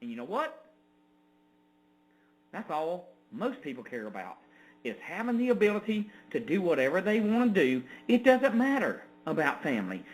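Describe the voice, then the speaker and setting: High, bright-voiced indignant male commentator. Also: low-quality recording. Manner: indignant, emotional, sarcastic, swinging from loud to low. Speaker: online news commentator and preacher. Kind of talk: ranting commentary reading a news article aloud.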